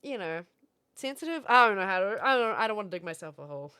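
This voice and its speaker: A young woman from Florida, streaming and chatting casually with viewers, animated and swearing now and then. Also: medium pitch, quick pace, clear, resonant tone. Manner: animated, swearing, reads out chat. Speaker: livestreamer.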